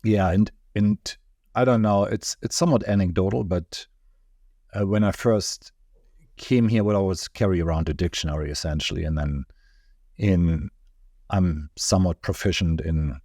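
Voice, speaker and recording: A man's voice: low-pitched, normal speed, mellow, dry recording, clean studio sound. A man from Germany with a German accent, a guest chatting casually in an interview, rambling with chuckles and restarts. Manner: chuckling, digressive, many restarts.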